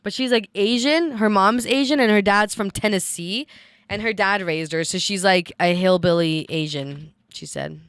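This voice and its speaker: A woman's voice: mid-range voice, moderate pace, fairly bright tone, clean tone, dry recording, studio quality. A woman co-hosting a podcast, telling a story in casual chat, rambling with lots of filler words and swearing. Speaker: podcast co-host.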